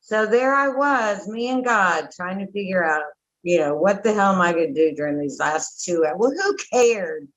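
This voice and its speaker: A woman's voice: medium pitch, expressive, moderate pace, highs cut off. A woman, candidly telling her recovery story as an interview guest, blunt and emotional with frequent tangents.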